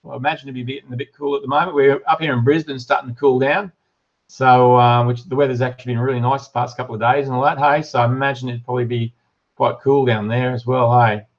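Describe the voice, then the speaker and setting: A man's voice: medium pitch, flat delivery, quick pace. Chatty Australian man, dull lo-fi stream. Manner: chatty, reads viewer comments aloud, lots of ums and uhs. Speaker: livestream host and shop owner. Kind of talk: casual live-stream chat.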